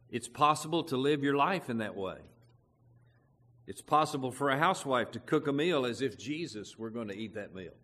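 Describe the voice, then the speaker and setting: A male pastor preaching in a live church hall, his mid-pitched voice trailing a long reverb. He talks to the congregation in an easy conversational way and puts questions to them. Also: fairly bright tone. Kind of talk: sermon.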